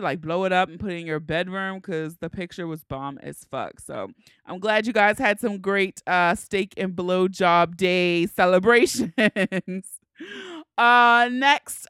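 A woman's voice: medium pitch, fairly bright tone, smooth, dry recording, studio quality. A woman with a Baltimore accent hosting her podcast, chatty and frank, laughing often. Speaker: podcast host. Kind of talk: casual podcast chat.

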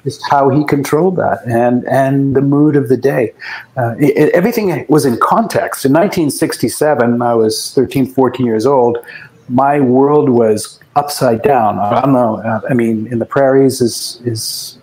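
A man in his sixties from Canada, a guest musician recalling stories in a relaxed, reflective way with frequent restarts. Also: mid-range voice, moderate pace, rough recording. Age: 60s. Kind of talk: casual interview chat.

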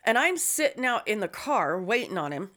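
A woman's voice: mid-range voice, normal speed. A woman telling a story in casual chat, swearing a lot and acting out the voices of the people in it. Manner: profane, animated storytelling; acts out quoted voices.

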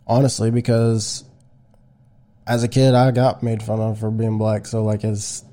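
A man's voice: on the low side, completely flat delivery, measured pace, mellow. A man hosting a casual podcast chat, talking candidly and restarting his sentences often. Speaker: podcast host.

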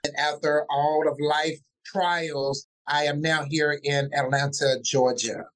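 A pastor with a notably high voice for a man talks excitedly in a casual interview. He repeats words to stress his point. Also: slow pace. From North Carolina, US.

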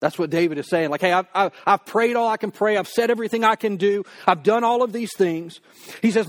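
Pastor, male, high voice, casual preaching manner that slows right down for quoted prayers. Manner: conversational preaching, acts out quoted prayers slowly. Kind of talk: sermon.

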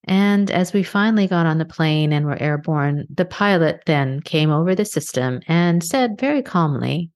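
A middle-aged woman from Canada hosting a podcast, speaking in an earnest, measured way and slowing down for emphasis. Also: on the low side, animated, a little mellow. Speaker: podcast host. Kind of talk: reflective motivational monologue.

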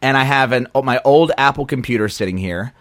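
A man's voice: medium pitch, a little fast, a bit bright, dry recording. A young man, co-hosting a podcast in casual, rambling chat, often stopping and restarting his sentences. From Philadelphia area. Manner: rambling, self-interrupting, easygoing. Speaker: podcast co-host.

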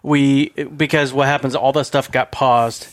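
A man's voice: mid-range voice, level tone, measured pace, no room sound, clean studio sound. A man co-hosting a podcast in a loose, rambling casual chat, laughing often. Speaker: podcast co-host.

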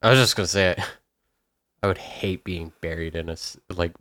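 A man's voice: sits low, fairly even intonation, brisk, fairly bright tone, dry recording. A man co-hosting a podcast, reacting with short agreements and wry, jokey remarks. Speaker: podcast co-host. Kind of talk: casual chat.

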